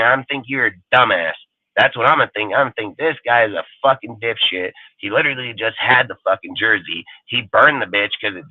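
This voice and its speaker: A man's voice: mid-range voice, no room sound. A man hosting a fan show, ranting in a heated, profane, rambling way. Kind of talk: ranting livestream talk. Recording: tinny phone-like sound, dry.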